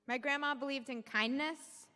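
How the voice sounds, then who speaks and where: Her voice sits high, bright and forceful, at normal speed as this young adult Alabama woman, a policy analyst, gives an earnest talk on stage. She's candid, jokes before getting serious, and the large audience hall echoes around her.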